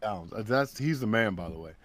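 A man who voices characters for a living chats as a guest in a casual interview, telling stories with animation and imitating the people he quotes. The dry recording captures his fairly low voice at normal speed.

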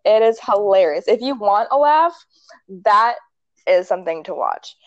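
A woman's voice: mid-range voice, big pitch swings, normal speed, no room sound, highs cut off. A young woman chatting casually, retelling a movie in a rambling way with many likes and ums and frequent laughs. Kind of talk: casual chat.

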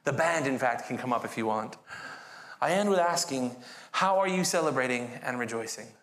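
A British man preaching a sermon in a church, with an animated, jokey and encouraging manner. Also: medium pitch, normal speed. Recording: echoey church hall.

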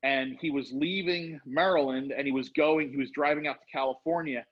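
A man's voice: mid-range voice, a little fast. A middle-aged man telling a long rambling story in casual chat, acting out what people said. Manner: rambling, animated, acts out quotes. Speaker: storyteller guest. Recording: dull lo-fi sound.

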